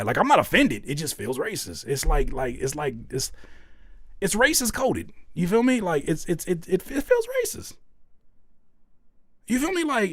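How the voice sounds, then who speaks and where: Man, young adult, stream host; animated jokey chat, husky tone, dry close sound. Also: no room sound. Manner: animated, jokey, repeats himself, swings between loud outbursts and low mutters. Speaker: host reviewing music submissions. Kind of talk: casual livestream chat.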